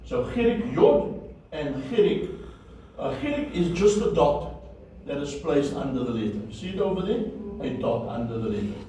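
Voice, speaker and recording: A man's voice: on the high side, very animated, normal speed, mellow. A man teaching Biblical Hebrew in a lecture, repeating key words and checking that his students follow. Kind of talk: classroom lecture. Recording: very echoey, distant, faint room noise.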